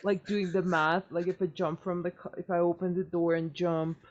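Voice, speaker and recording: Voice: mid-range voice, flat delivery, normal speed. A player in a tabletop game thinking aloud, anxious. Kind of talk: tabletop game role-play. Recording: dull lo-fi audio.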